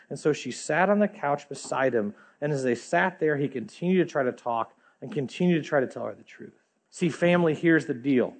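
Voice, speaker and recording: A man's voice: medium pitch, lively intonation, moderate pace, husky. A male pastor preaching a sermon, telling a story vividly and speaking directly to his congregation.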